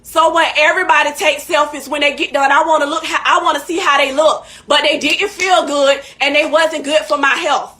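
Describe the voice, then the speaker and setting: A woman's voice: high-pitched, steady tone, fairly quick, hardly any pauses, pushed and bright. A woman hosting a live stream in casual chat, heated and emphatic, repeating her points. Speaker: livestream host.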